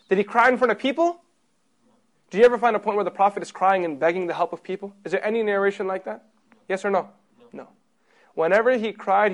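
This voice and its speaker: A man gives a religious lesson in the manner of a sermon, emphatic and full of rhetorical questions aimed at his listeners. He moves back and forth between loud stressed lines and soft, low ones.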